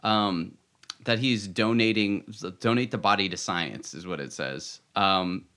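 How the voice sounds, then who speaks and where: Low-voiced man chatting loosely. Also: unhurried, pushed and bright. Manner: rambling, laughs often, frequent "like" fillers. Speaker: podcast co-host. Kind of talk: casual chat recapping a TV episode.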